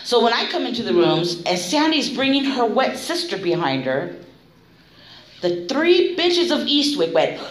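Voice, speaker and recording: A woman's voice: a little high, big pitch swings, unhurried, a little hiss or hum. A middle-aged woman shares her story at a recovery meeting, blunt and full of swearing. Her voice rises and falls widely as she laughs her way through it. The room around her sounds echoey.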